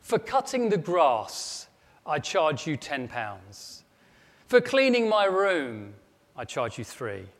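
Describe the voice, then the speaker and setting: A man's voice: on the high side, huge pitch swings, slow pace, exaggerated voice. A man voicing a cheeky young boy who reads out prices in a perky, emphatic way. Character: cheeky young British boy billing his mum. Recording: long echo of a large hall.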